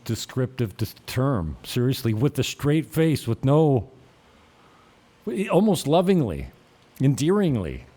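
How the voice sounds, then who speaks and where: A man's voice: mid-range voice, warm tone. A man in his fifties, a realtor hosting his own channel, chatting casually in a rambling, profane way and chuckling often. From Canada. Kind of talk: casual rambling vlog chat.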